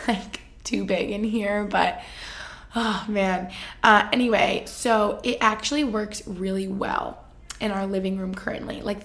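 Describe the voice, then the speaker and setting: A woman's voice: mid-range voice, gravelly. A young woman telling casual stories to her listeners, chatty and full of fillers, often laughing. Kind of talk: casual storytelling chat.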